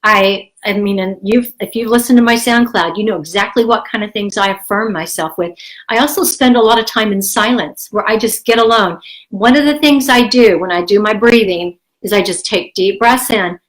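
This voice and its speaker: Older woman, vlogger, has a cold, rambling and encouraging, mid-pitched. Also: moderate pace, poor audio. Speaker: health vlogger. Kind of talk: casual talk to camera.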